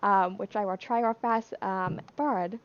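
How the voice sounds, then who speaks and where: A woman's voice: medium pitch, fairly even intonation, normal speed, smooth, lo-fi sound. A young woman with a speech impediment on her O sounds, rambling casually on a livestream and laughing between points. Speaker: livestream cast member. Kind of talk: casual chat.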